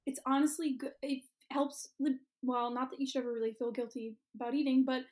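High-voiced chatty young woman. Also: flat delivery, a little fast, darkish tone. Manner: chatty, filler-heavy, laughs often. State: eating while talking. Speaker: podcast co-host. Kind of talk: casual chat.

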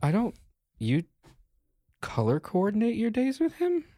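A man's voice: sits high, huge pitch swings, a little slow, dark tone, no echo, clean studio sound. A man playing a tabletop role-playing game, talking in character, exasperated, swearing and laughing often. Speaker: player.

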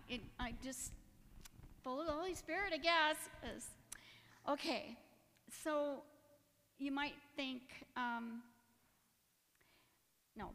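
A woman's voice: sits high, fairly bright tone, long reverb tail. A woman giving a personal testimony in church, earnest and emotional, with nervous little laughs. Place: church sanctuary.

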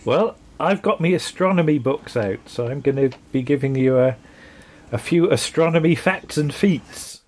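A man's voice: on the high side, lively intonation, normal speed, darkish tone. A man co-hosting a podcast, joking playfully in casual chat. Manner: jokey, playful. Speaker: podcast co-host.

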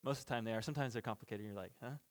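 A man's voice: on the low side, rapid-fire. A man teaching through a Bible passage in an informal, conversational way, chuckling between points and restarting sentences. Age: parent of children. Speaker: pastor.

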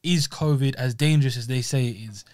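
A man on a podcast at an ordinary middle pitch, weighing each point calmly. His voice sounds dry and close, with no room around it. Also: no echo. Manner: measured, reasoning, conciliatory. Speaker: podcast co-host. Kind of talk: casual chat.

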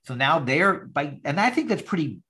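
A man hosting a podcast over a video call, recapping an old sitcom episode in a measured way and reading its lines aloud. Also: fairly high pitch, big pitch swings, pushed and bright. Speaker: podcast host. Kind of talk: casual chat recapping an episode.

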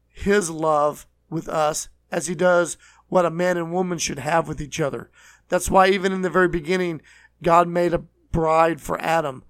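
A man preaching a sermon, earnest and repetitive, slowing down to stress key words. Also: high-pitched, fairly bright tone, no room sound, studio quality. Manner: earnest, repeats phrases, slows for emphasis.

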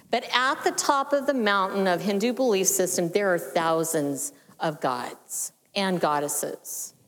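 A woman gives a church teaching in a measured, explanatory way. Her phrases often sink soft and low at the end. Her voice carries a long reverb, as in a large hall. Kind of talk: sermon teaching.

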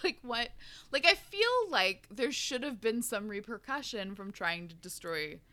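A woman's voice: fairly high pitch, animated, unhurried, bright, forceful tone. A woman casually recapping a novel with friends, laughing often and reading quotes dramatically. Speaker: book podcast host. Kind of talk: casual chat recapping a book.

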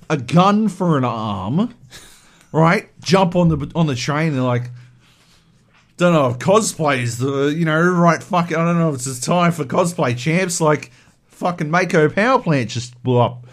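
A man co-hosting a podcast, ranting animatedly and swearing a lot in casual chat. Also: fairly high pitch. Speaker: podcast co-host.

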